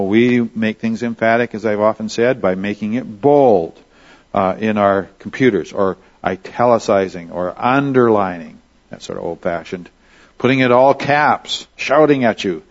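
Conversational male preacher, muffled recording. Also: medium pitch. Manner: conversational, with frequent restarts and asides. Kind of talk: verse-by-verse Bible teaching.

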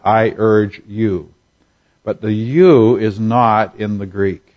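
Male Bible teacher, sermon delivery, measured and explanatory, slightly low voice, dull recording. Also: a little mellow. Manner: measured, explanatory, with frequent fillers and restarts.

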